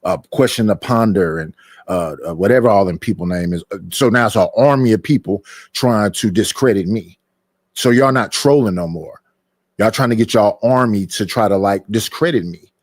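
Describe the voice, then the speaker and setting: A man's voice: lowish voice, moderate pace, no echo, clean studio sound. A man, complaining emphatically about people turning against him, repeating his points in casual streamed talk. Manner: aggrieved, emphatic, repeats himself. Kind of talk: heated casual chat. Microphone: streaming mic.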